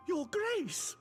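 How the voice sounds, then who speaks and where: An actress voicing a horrified courtier in a video game, breathless and alarmed. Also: female voice, extremely high pitch, a little mellow, full character voice. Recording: game music behind.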